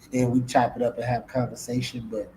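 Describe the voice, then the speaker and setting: A man's voice: medium pitch, monotone, brisk, warm tone, slight background noise, poor audio. A man hosting a casual live-stream podcast in a laid-back way, often repeating his words. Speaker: podcast host.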